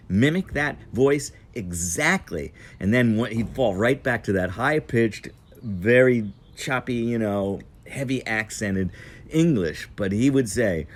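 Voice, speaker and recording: Low-voiced man telling a rambling story. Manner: meandering, digressive, unhurried. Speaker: travel storyteller. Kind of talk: casual storytelling. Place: outdoor patio.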